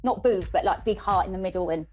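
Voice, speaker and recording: A young woman telling candid family stories as a podcast guest, animated and chatty. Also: medium pitch, quick pace. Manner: chatty, animated, quotes people in lively voices. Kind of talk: candid storytelling conversation.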